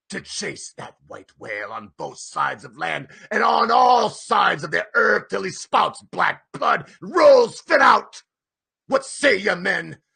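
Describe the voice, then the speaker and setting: A man's voice: creaky, husky, exaggerated voice. A man doing a raging old sea captain. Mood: rousing. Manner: booming, ranting, half-sobbing shouts. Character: fierce old obsessed male whaling captain.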